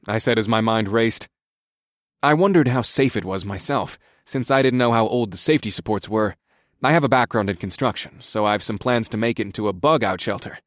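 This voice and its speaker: A man's voice: on the low side, fairly quick, no room sound, studio quality. A man narrating a first-person story in a wry, matter-of-fact way.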